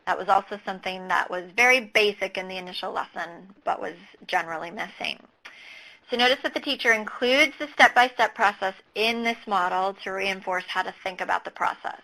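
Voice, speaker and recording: A woman talks through a teaching webinar with a gravelly edge to her voice. Her tone is bright and a little tense. She explains each lesson step methodically, pausing on an occasional "um.". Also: mid-range voice, low-quality recording. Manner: walks through teaching steps methodically, with fillers. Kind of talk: explanatory webinar talk over slides.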